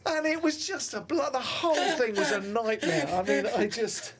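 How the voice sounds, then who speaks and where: A man's voice: extremely high pitch, sing-song, normal speed, crowd noise. A man, a guest comedian, chatting casually on a podcast and telling rambling stories that keep breaking off and restarting. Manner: rambling, self-interrupting anecdotes.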